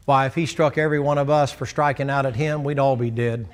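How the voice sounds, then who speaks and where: A man's voice: medium pitch, steady tone, a little fast, few pauses. A man preaching a sermon in a church, folksy and plainspoken, acting out the dialogue of the people in his story. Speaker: pastor. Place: church sanctuary.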